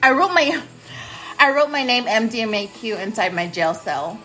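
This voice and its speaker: A woman's voice: fairly high pitch, very animated, normal speed, sharp tone, soft background music. Profane woman telling stories at home. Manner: blunt, profane, self-mocking. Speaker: podcast host. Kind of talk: casual storytelling monologue. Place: home kitchen.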